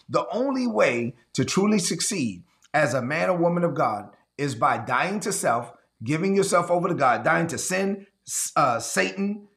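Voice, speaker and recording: A man delivering an emphatic sermon as a pastor, his voice sitting a little higher than most men's. He slows down to press home key words and repeats phrases for effect. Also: gravelly, a bit bright.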